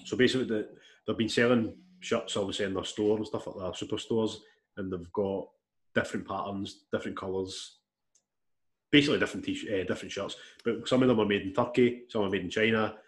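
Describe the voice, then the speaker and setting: Scottish male co-host, low pitch, blunt plain-spoken banter. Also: fairly even intonation, a little fast. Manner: blunt, sweary, explains things plainly. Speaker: podcast co-host. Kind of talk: casual chat.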